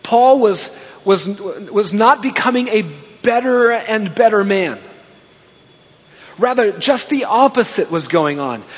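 A man preaching a sermon, swinging between emphatic rises and hushed, quiet passages. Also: sits high, expressive, takes it slowly, slightly rough. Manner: emphatic preaching, rising and dropping to hushed tones. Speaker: pastor. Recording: dull sound with long reverb in a hall.

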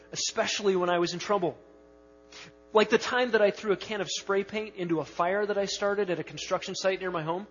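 A man preaching a sermon as pastor, emphatic, stretching key words slowly and rushing through asides. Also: sits high, slight background noise. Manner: emphatic, swings between slow stressed words and quick asides. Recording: dull lo-fi sound with long reverb in a hall.

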